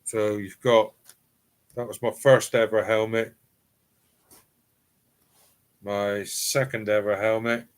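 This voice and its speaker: A man's voice: on the low side, little pitch movement, unhurried, smooth. Chatty Cornish man hosting a live stream. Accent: East Cornish. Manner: chatty and rambling, with frequent ums and restarts. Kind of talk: casual live chat reading viewer comments. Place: home cellar.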